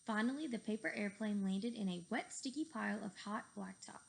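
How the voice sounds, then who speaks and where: A woman reading a children's book aloud with lively, expressive storytelling. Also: mid-range voice, a little fast, creaky. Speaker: reader.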